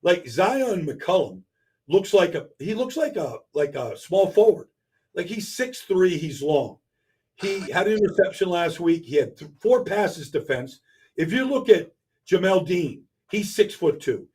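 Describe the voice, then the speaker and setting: A man with a slightly raised, husky voice breaks down football in casual studio chat. He talks in emphatic bursts and stacks repeated words as he works up to each point. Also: high voice, big pitch swings, unhurried, a little mellow. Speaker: regular guest analyst. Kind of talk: casual sports talk.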